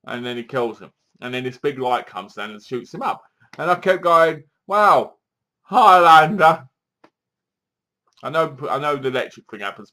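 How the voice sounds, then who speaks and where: A man's voice: mid-range voice, fairly bright tone. A man giving a chatty, exasperated spoken film review, retelling scenes and quoting lines as he goes. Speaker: movie reviewer.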